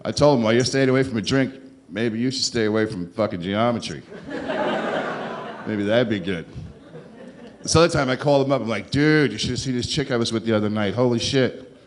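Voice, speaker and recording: A stand-up comic working a club crowd. He is sarcastic, with dry, deadpan asides, and sits at a middling pitch for a man. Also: a little fast. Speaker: stand-up comedian. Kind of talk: stand-up comedy set. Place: comedy club stage.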